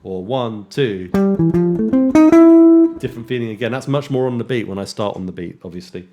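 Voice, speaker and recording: A man teaching jazz guitar in a relaxed way, counting beats aloud and scatting rhythms. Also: fairly low pitch, moderate pace. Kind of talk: casual instructional talk with counting and scatting. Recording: guitar playing underneath speech. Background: loud guitar music.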